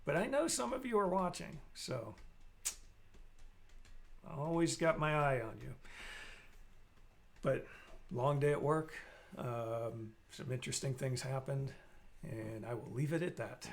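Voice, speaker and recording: A man's voice: mid-range voice, animated, measured pace, creaky, pauses often, slight background noise. A man hosting a casual live stream, rambling and joking while he reads out viewer comments.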